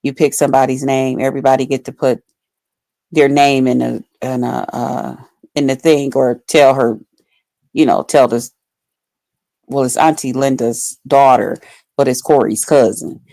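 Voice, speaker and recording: A woman's voice: very deep voice, fairly even intonation, measured pace, gravelly, mellow, dry recording. A woman vlogger telling a personal story to her viewers in casual, blunt, profane talk full of fillers.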